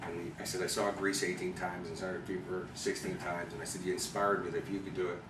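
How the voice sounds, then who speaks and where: A man from Chicago, an interview guest, telling animated anecdotes and acting out the people he quotes. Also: low-pitched, quick pace. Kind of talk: storytelling interview. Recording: roomy, distant mic with background noise.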